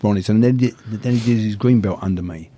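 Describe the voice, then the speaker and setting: A man's voice: lowish voice, fast, mellow. An older man, a martial arts teacher telling stories as a guest in a casual interview, often stammering on the first sounds of words.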